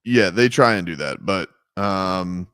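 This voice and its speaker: A man's voice: sits low, expressive, slow pace, fairly bright tone, clean tone, dry recording. Joking man on sports radio, dry studio sound. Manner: loose, joking, lots of fillers. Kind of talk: casual sports radio chat.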